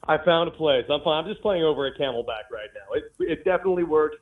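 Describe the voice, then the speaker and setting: Male guest on a phone line, fast animated storyteller, tinny sound. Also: on the high side. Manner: animated storyteller, acts out quotes. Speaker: former baseball player guest. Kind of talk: casual interview storytelling. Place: outdoors on a golf course.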